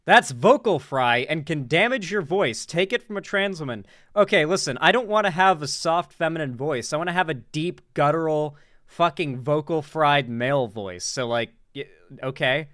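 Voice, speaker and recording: A woman's voice: low-pitched, lively intonation, moderate pace, fairly bright tone, dry recording, studio quality. A woman hosting a casual livestream, joking, rambling and swearing freely as she talks to her chat. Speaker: streamer host.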